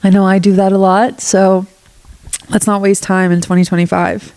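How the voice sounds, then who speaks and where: A woman's voice: medium pitch, normal speed. A young woman hosting a solo podcast with a stuffy nose, talking candidly and casually, swearing now and then and acting out what she would say. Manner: candid, animated, swears casually, acts out quoted lines. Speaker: podcast host.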